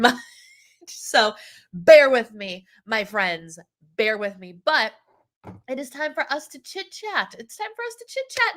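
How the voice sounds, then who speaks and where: A woman's voice: mid-range voice, a bit bright. A woman, hosting a casual wellness livestream, a little nasal and congested from a cold, chatting with viewers by name. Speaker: wellness coach and livestream host.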